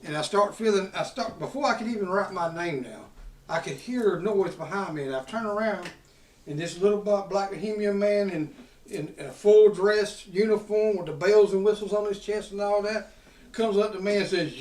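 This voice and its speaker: Cussing guy telling a story, highish voice, mic kinda far off in an echoey room. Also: moderate pace, a little mellow. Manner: profane, rowdy, drawling storyteller. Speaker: podcast host. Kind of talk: casual storytelling. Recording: roomy sound from a distant mic.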